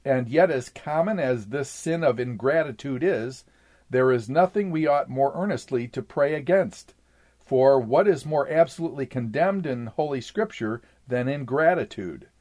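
A man reading an old sermon aloud in a measured, formal way, saying "quote" and "end quote" around scripture passages. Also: mid-range voice, darkish tone.

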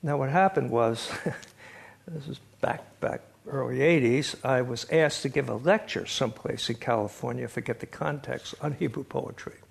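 A man's voice: medium pitch, moderate pace, gravelly, husky. An older man giving a classroom lecture, telling stories with a wry chuckle and reading quotes aloud. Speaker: lecturer on biblical poetry.

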